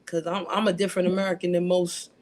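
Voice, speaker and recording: Brooklyn guy, pretty high voice, cusses a lot, brash and chatty. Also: little pitch movement, quick pace. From New York. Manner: brash, profane storytelling. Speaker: panel guest. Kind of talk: casual panel chat.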